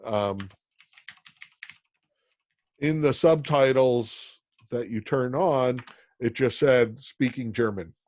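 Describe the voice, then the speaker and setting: A man from Pennsylvania teaching an online college class, talking in a halting way with many ums and restarts. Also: mid-range voice, a little mellow, no room sound, clean studio sound. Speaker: college instructor.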